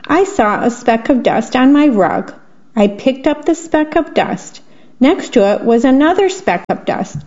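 Storybook housefly, tireless tidy-up bug, eager and insistent, read by a woman with a higher voice, over a dull radio line. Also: lively intonation, a little slow, a little mellow. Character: busy male housefly, tireless neat freak.

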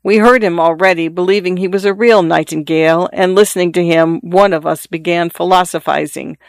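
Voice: mid-range voice, fairly even intonation, brisk, vocal fry, no room sound, natural voice. A reader doing a wry grumbling old father. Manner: wry, teasing, lecturing.

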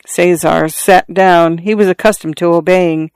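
A measured audiobook narrator tells a literary story in an even, steady way. The voice is mid-pitched, smooth and clear, recorded dry and close to the mic. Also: no echo.

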